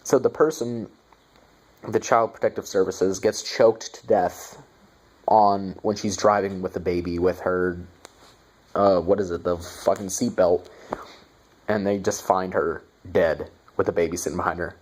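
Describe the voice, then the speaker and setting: A young man talks through a bad movie in a casual review. His voice sits fairly low, and his tone is sarcastic and profane, full of mocking asides. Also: steady tone, unhurried, darkish tone.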